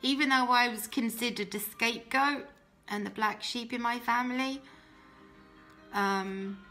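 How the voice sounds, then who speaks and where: Bright-voiced woman sharing a heartfelt testimony. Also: fairly high pitch, unhurried, soft background music. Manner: earnest and heartfelt, with frequent restarts. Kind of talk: personal faith testimony.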